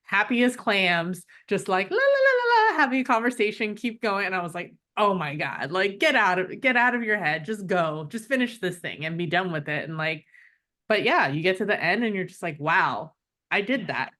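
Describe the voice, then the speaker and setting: A woman in her thirties chatting casually on a podcast, supportive and quick to laugh. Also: fairly low pitch, animated, pushed and bright. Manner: supportive, laughing, quick back-channel replies. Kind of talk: casual chat.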